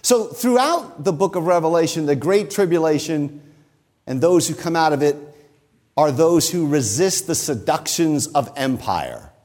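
A male pastor preaching a sermon, his voice set a little higher than most men's. He speaks emphatically and draws out the key phrases to drive his point home. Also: lively intonation, measured pace, darkish tone.

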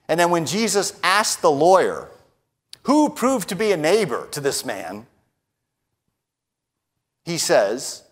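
A man with a voice on the higher side delivers a sermon. He stresses his points, drops to hushed lines, then rises to bold declarations. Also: very animated, slow pace, pauses often. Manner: emphatic, often adds a tag question "right?"; moves between hushed lines and raised declarations. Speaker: preacher.

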